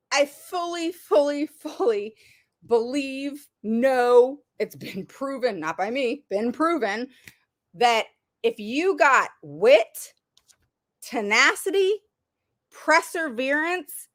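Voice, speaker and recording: A woman's voice: a little high, bright, forceful tone. Emphatic woman giving parent advocacy advice. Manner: emphatic, repeats words for stress. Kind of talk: livestream advice talk.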